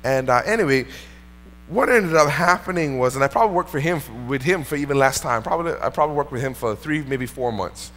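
A man's voice: mid-range voice, expressive, a little fast, fairly bright tone. A male pastor preaching a sermon in a church, telling a personal story in an earnest, conversational way. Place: church sanctuary. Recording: long reverb in a church hall.

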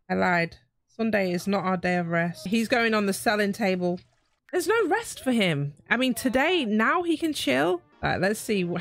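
A woman giving chatty, excitable let's play commentary, talking to her game characters and to viewers. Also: medium pitch. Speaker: gaming YouTuber.

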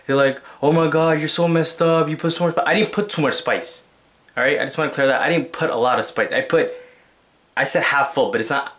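A young man hosting his own vlog, chatting in an animated, slangy way and acting out quotes. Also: medium pitch. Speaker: vlogger host. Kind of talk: casual vlog chat.

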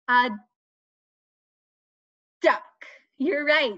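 Woman, children's lesson, very lively pitch, slow emphatic questions, lo-fi dry sound. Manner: slow, sing-song questioning with emphatic repeated words. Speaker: children's speech and language teacher. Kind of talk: teaching young children a lesson. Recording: dull lo-fi dry recording.

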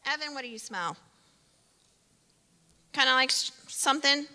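High, bright-voiced woman leading kids. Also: a little slow, in a large hall. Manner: lively, playful, talks directly to kids by name. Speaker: children's sermon leader. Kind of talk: children's sermon with object lesson. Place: church sanctuary.

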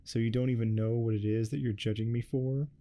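A man voicing a snappish, foul-mouthed male pony in a soft-spoken ASMR reading. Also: mid-range voice, steady tone, brisk, lightly acted. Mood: snapping. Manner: angry, defensive.

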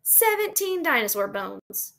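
A woman's voice: on the high side, big pitch swings, a little slow, gravelly, fairly bright tone, voice pushed up, heavily acted. A woman reading aloud, voicing an eager, insistent young schoolgirl in a storybook. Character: bold excitable young schoolgirl.

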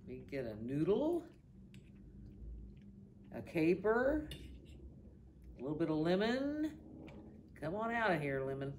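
A woman's voice: lowish voice, slow pace, long pauses, a little hiss or hum. A woman co-hosting a church cooking show, chatting casually and humming while she tastes with her mouth full. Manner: relaxed, savoring, hums with her mouth full. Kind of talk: casual chat while tasting food.

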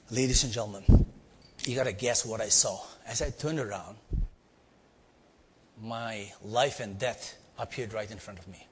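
Before a live audience in a large hall, a middle-aged man with an Indian accent tells a leadership story, teasing listeners with questions and acting out sounds. His voice is medium-pitched and husky, with long hall reverb.

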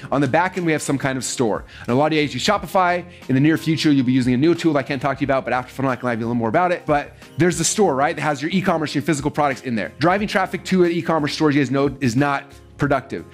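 A man telling a business story to an audience, fast and animated, acting out the quoted lines of other people. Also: faint music behind. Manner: fast, animated, acts out quoted dialogue with big pitch jumps. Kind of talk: energetic storytelling talk.

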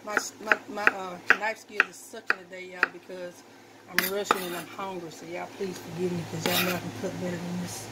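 In a lowish voice with little pitch movement, a woman talks fairly quickly to her viewers while chopping vegetables at home. She's a folksy, chatty cooking vlogger doing a casual demo. Loud knife chopping and kitchen clatter make it very noisy.

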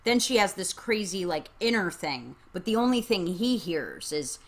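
A woman's voice: lowish voice, animated, normal speed. A woman co-hosting a casual book-discussion podcast, talking in a conversational way. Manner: conversational, with restarts and fillers like "like". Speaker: podcast co-host.

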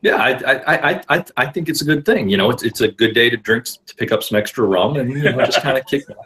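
A man in a casual podcast chat, talking haltingly with many restarts and fillers. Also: mid-range voice, expressive, pushed and bright.

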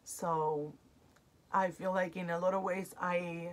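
A woman's voice: on the low side, flat delivery, slow pace. Chatty emotional woman from Argentina. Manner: chatty and emotional, reads product cards aloud. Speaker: unboxing vlogger. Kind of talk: casual unboxing chat.

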